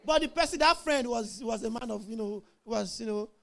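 A man's voice: extremely high pitch, brisk, gravelly, a bit bright. A man preaching a sermon, emphatic, asking the congregation questions and laughing often.

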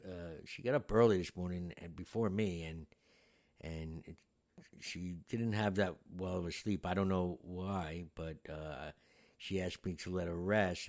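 A man's voice: low voice, darkish tone. A man hosting a podcast, telling a story in a meandering, reflective way with many fillers. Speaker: podcast host. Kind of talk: casual storytelling.

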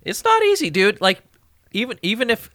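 A man in casual chat, speaking emphatically and swooping up when excited. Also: sits high, moderate pace, dry recording, clean studio sound.

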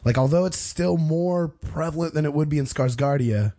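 A man's voice: a little high, normal speed, mellow. A young man narrating as game master in a tabletop game, rambling and loose with many fillers.

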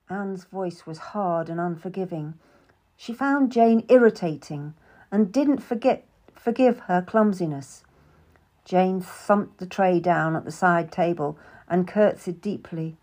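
A woman narrating a first-person historical novel in an even, measured storytelling manner. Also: lowish voice. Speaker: audiobook narrator.

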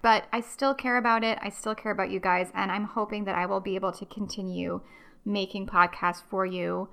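A woman's voice: medium pitch, fairly even intonation, fairly quick, vocal fry, fairly bright tone, slight background noise. A woman hosting her own podcast, chatting casually and rambling to listeners with many ums and friendly asides. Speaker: podcast host.

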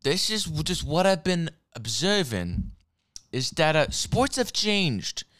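A man rambles through an angry monologue about sports, cursing freely and stumbling over his own sentences. His voice sits a little high and comes across smooth and resonant. Now and then he pauses to sip whiskey. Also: big pitch swings, a bit bright. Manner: rambling, heavy swearing, frequent restarts; sipping whiskey while talking. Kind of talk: profane sports rant monologue.

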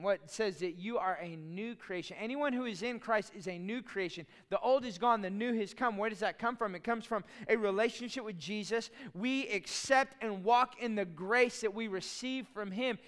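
A man's voice: high-pitched, a bit bright, smooth. A man preaching a sermon as pastor, in a conversational, storytelling way with chatty asides.

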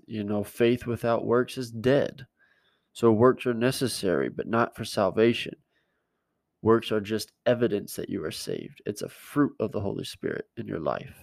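A man's voice: lowish voice, gravelly, no echo. Man preaching a plain-spoken sermon, dry sound. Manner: plain-spoken, emphatic, repeats key words. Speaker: pastor. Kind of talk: conversational sermon.

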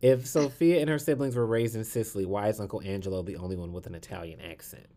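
A man co-hosting a podcast in casual chat, chatty and quick to laugh, swearing freely. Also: lowish voice, dark tone. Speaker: podcast co-host.

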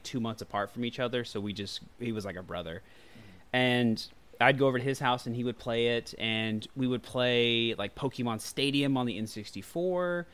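A man's voice: mid-range voice, a bit bright, smooth. A man in his thirties co-hosting a casual chat, easygoing and rambling with frequent filler words. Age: 30s. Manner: easygoing, rambling with many ums and uhs. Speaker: podcast co-host.

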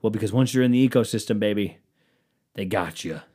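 Man, podcast host, solo comedy rant, profane, rambling, self-mocking, lowish voice. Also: a little fast, a little mellow, husky.

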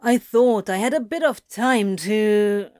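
A woman reading aloud and voicing a worn-out, anguished male demon who curses and speaks louder and rawer than her narration. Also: medium pitch, slow pace, dry recording, clean studio sound, lightly acted. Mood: weary. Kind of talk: audiobook reading of fan fiction.

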